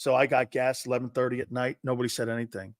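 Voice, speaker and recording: A middle-aged man hosting a sports talk show, a brash, loud storyteller who acts out the quotes. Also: mid-range voice, level tone, quick pace, no echo, clean studio sound.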